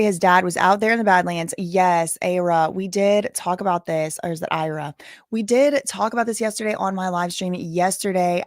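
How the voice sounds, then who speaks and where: A woman's voice: lowish voice, dry recording, studio quality. A woman hosting a livestream, chatting casually and rambling off on tangents. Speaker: livestream host.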